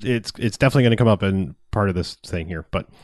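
A man's voice: fairly low pitch, fast talker, darkish tone, no echo, clean studio sound. A man in casual podcast chat, rambling about movies, often laughing and swearing as he acts out lines.

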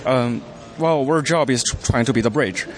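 A man's voice: mid-range voice, moderate pace. A man working as a regional coordinator answers interview questions hesitantly, using lots of fillers. Behind him there is a faint outdoor background noise.

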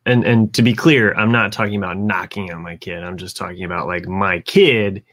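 A man's voice: low-pitched, steady tone, normal speed, a bit bright. A man in casual podcast chat who acts out quoted voices. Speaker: podcast co-host.

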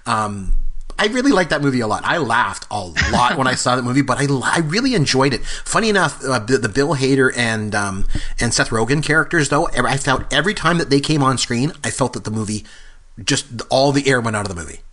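A man's voice: mid-range voice, expressive, a little fast, fairly bright tone. A man co-hosting a casual film podcast, talking about movies with eager, knowledgeable enthusiasm. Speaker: podcast co-host.

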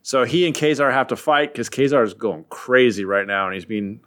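A man with a middle-pitched everyday voice, casually recapping a comic story. He rambles and jokes along the way, often stopping for filler words. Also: steady tone, normal speed, a bit bright. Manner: rambling and jokey, with many fillers. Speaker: podcast host recapping a comic. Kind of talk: casual chat.

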